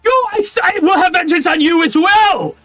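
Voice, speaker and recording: A woman voicing a blustering male villain in a tabletop game, flustered and shouting threats. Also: sits high, expressive, moderate pace, no echo, faint music behind, voice pushed up. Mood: furious. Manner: shouting, sputtering with rage.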